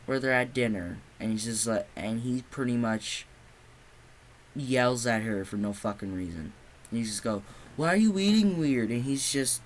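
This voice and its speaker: A man's voice: mid-range voice, slight background noise, poor audio. A young man giving a casual movie review, ranting with lots of swearing and sarcasm. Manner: profane, exasperated ranting.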